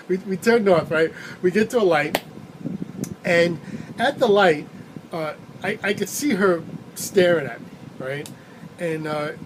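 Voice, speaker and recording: A man's voice: high-pitched, background noise. A male rideshare driver casually telling a rambling story, chuckling now and then as he goes. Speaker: rideshare driver and channel host.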